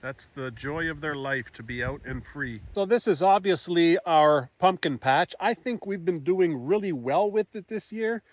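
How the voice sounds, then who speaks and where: A man narrating a casual farm vlog outdoors, talking fondly to his animals. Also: no room sound. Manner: talks fondly to his cats in a high coaxing voice. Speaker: farm vlogger.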